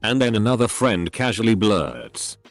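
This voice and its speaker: Low-pitched guy reading stories, lots of up and down in his voice, faint music under it. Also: very animated, moderate pace, no echo. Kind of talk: scripted story narration.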